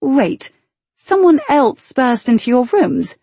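A stern, clipped young gentleman scolds as an exasperated older brother in a storybook reading, as a woman narrator puts him on. The voice is a little husky and mellow. It sounds close and dry, with no room around it. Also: high voice, big pitch swings, slow pace, dry recording, voice pushed up, heavily acted.

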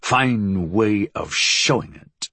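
A man's voice: medium pitch, sing-song, a little slow, husky, no echo, full character voice. A man voicing a stern, blunt investigator who speaks in short, hard lines.

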